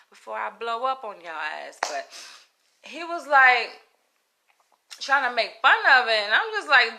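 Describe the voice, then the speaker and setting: A woman talking straight to her viewers in a casual livestream, blunt and animated. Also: mid-range voice, normal speed. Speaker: livestream host.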